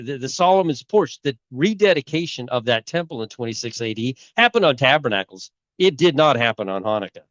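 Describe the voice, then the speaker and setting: A man's voice: mid-range voice, dry recording. Rambling middle-aged man, muffled recording. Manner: rambling, conversational, many fillers and restarts. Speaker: channel host. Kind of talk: casual talk on bible timelines.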